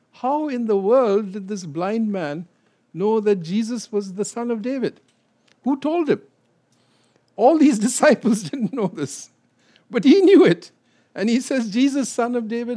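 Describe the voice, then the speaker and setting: A man with a fairly high voice teaches a Bible study group. He talks things through casually, then bursts into loud, animated retellings of the scripture scenes. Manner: animated, acts out scripture quotes with rising voice.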